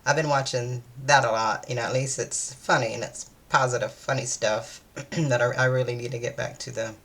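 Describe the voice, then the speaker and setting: A woman's voice: rumbling low, steady tone, normal speed, a bit bright. A tired woman, chatting casually in a vlog, meandering and hesitant, with many fillers and restarts. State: weary, low-energy. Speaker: vlogger. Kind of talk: casual day-in-my-life chat.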